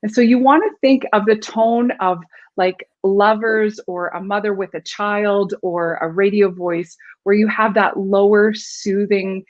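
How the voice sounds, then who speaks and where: A woman's voice: medium pitch, steady tone, measured pace. A woman speaks as a guest coach, explaining communication with little spoken demonstrations. Her voice sits in a middle range for a woman. The recording is dull and lo-fi. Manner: demonstrative, explains with vocal examples. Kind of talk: instructive interview talk.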